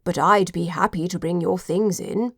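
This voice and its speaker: A woman's voice: on the low side, steady tone, normal speed, gravelly, no room sound, clean studio sound. A woman doing an elderly English butler. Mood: formal. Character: elderly English male butler, formal and devoted.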